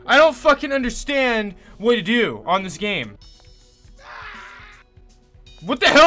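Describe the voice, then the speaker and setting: A man's voice: sits high, animated, slow pace, pauses often, pushed and bright, soft background music. A young man commentating a game he plays, exasperated, sarcastic and swearing often. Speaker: gaming YouTuber.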